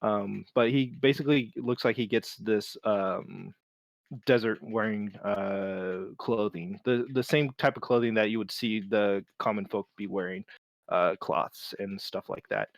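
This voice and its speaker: A man running a tabletop game as game master, narrating with many pauses and restarts. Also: on the low side, creaky, dry recording. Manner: halting, many fillers and restarts.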